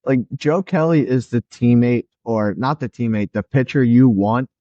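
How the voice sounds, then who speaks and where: A male podcast co-host chats casually about sports and tells stories with energy, often acting out what players said. His voice sits at a middle pitch. The recording is dry and a little dull. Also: moderate pace, dry recording. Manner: animated storyteller, acts out players' lines.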